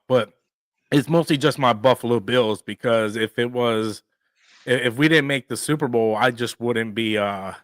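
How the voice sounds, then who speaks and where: A man's voice: medium pitch, a bit bright, dry recording. A man in his forties hosting a casual live stream, ranting animatedly and swearing freely. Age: 40s.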